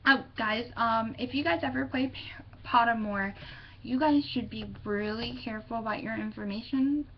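A woman's voice: a little high, moderate pace. A teenage girl vlogging casually at home, rambling and distracted, often giggling. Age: teens. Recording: dull lo-fi webcam audio with faint noise.

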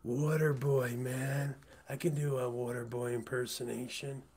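A man streaming live who rambles, says he's high and mumbles, often trailing off into whispers. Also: flat delivery, a little slow, a little mellow, slightly rough. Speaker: livestreamer. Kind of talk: casual livestream chat. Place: indoors, hot room.

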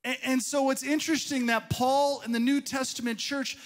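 A man pastor preaching a sermon in a church, telling a personal story in a conversational way, swelling to emphatic peaks and dropping to a hushed aside. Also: very high-pitched, little pitch movement, moderate pace. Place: church sanctuary.

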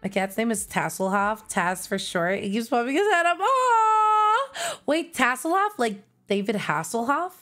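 A woman streamer chatting live while gaming, excitable, with loud exclamations and giggles. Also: a little high, moderate pace, hardly any pauses, soft background music. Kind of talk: live game-stream chat.

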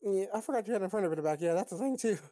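A woman hosting a casual recap of competitive game battles, excitable, profane and teasing. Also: medium pitch, rapid-fire, no room sound. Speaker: league recap host. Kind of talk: casual gaming recap chat.

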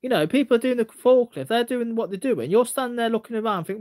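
A man's voice: very high voice, lively intonation, fast, darkish tone. A man ranting casually on a livestream, rambling and repeating himself with stumbling restarts as he answers chat comments.

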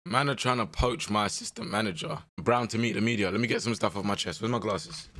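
Excitable young man with a strained voice. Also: on the low side, fast talker, few pauses. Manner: animated, exclaiming, slangy banter. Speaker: gaming content creator. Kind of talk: casual gameplay commentary.

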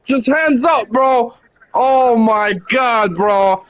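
High-voiced young man bossing teammates. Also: clean tone. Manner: rapid repeated commands and teasing. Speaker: gamer coaching teammates on voice chat. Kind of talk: live voice chat while playing a basketball video game.

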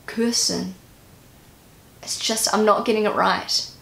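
Female vlogger with a New Zealand accent, casual and self-critical, with some vocal fry and an echoey room. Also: mid-range voice, normal speed. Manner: self-critical, repeats words aloud after the app. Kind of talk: casual language-learning vlog.

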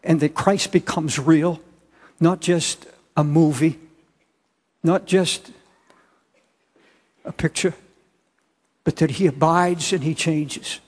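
An older man preaching a sermon as pastor, earnest and halting, with repeated restarts and bursts of loud emphasis. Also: a little high, fairly even intonation. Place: large church auditorium. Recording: long hall reverb.

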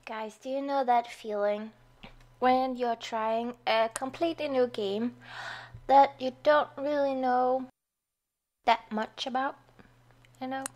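A woman's voice: sits high, steady tone, slow pace, long pauses, a little mellow. A young woman giving chatty gameplay commentary, easily startled and swearing when frustrated. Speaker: gaming youtuber. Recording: faint game music behind.

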